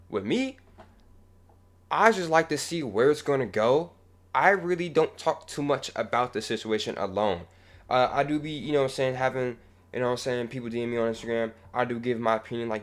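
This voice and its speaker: A young man talks casually for his music channel. He rambles and swears a lot, sometimes mumbling low and sometimes building into a heated rant. His pitch sits in the middle range. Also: a little fast. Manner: rambling, profane, swings from mumbling to heated ranting. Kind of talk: casual reaction vlog.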